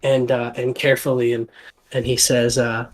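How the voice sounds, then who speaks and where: A man running a live tabletop game as dungeon master, narrating in a halting, rambling way. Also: medium pitch, level tone, low-quality recording. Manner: rambling, halting, lots of fillers.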